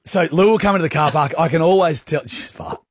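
An Australian man hosting a radio show, telling stories in animated, laughing banter from the studio. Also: a little high, fast talker, slightly rough, dry recording. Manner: animated storyteller, laughs often. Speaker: radio host.

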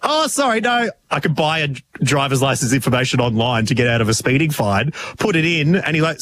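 A man's voice: mid-range voice, very animated, brisk, a bit bright. Australian guy, casual co-host banter, acts out quotes, mock outrage. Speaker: radio co-host.

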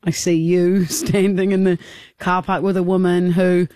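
Animated woman telling a story. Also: fairly low pitch, measured pace, no room sound, clean studio sound. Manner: animated, self-pitying storytelling. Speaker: radio host. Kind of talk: casual storytelling banter.

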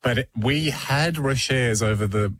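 A man's voice: mid-range voice, measured pace, no room sound. A man, a podcast co-host telling a story in casual chat and laughing often. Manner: animated storytelling, laughs a lot.

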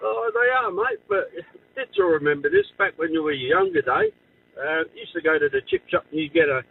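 A man's voice: very high-pitched, big pitch swings, fairly quick, creaky, husky. An Australian man calling in to a radio show, chatting in a nostalgic, friendly way. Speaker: caller. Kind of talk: phone-in chat. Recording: tinny phone line.

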